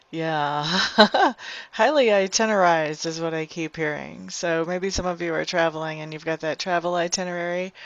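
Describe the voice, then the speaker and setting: A woman's voice: lowish voice, dry recording, lo-fi sound. A woman giving a chatty, blunt weekly tarot forecast as a tarot reader, mildly sarcastic at times.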